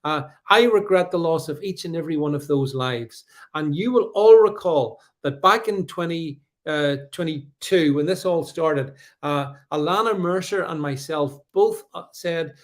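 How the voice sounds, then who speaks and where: His voice sits on the high side, unhurried and with few pauses, as this middle-aged man hosts a live stream. He reads viewer comments with a sarcastic, combative edge, restarting often and using many fillers.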